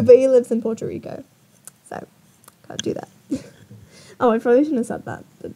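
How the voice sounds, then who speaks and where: A woman's voice: a little high, fast, long pauses. A young woman YouTuber telling a dating story in a casual, exasperated vlog style, often laughing.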